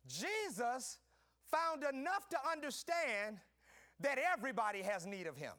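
A man preaching a sermon, calling out to his congregation and swinging between quiet teaching and shouting. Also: very high voice, very animated, unhurried. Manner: preaching with call-and-response, swinging from soft to shouting. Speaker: pastor.

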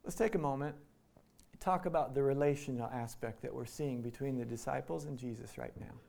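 A man's voice: mid-range voice, a little fast, creaky, a little mellow. A man from Iowa preaching a sermon in a conversational way, acting out the quoted lines. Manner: conversational, acts out quotes in voices. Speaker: pastor.

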